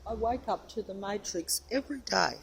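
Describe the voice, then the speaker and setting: A chatty woman talking into the phone she holds while she walks about outside on her street. She wanders from one thought to the next at a middling pitch, with soft street noise faintly behind her. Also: moderate pace, gravelly. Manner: chatty, meandering, talks to camera and to her cat. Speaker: vlogger. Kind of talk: rambling handheld phone vlog. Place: outdoors on a residential street.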